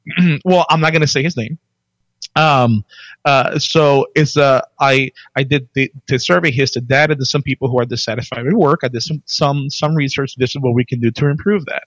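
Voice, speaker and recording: A man chatting casually as a podcast guest, telling his career story with lots of restarts and animated jumps when he quotes himself. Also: medium pitch, normal speed, no echo, rough recording.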